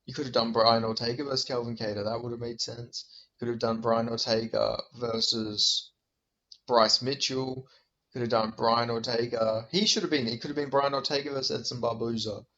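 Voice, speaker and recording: A man's voice: mid-range voice, little pitch movement, normal speed, fairly bright tone, muffled recording. A man ranting in a vlog about fighters, heated, profane and exasperated, firing off rhetorical questions. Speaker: MMA commentator.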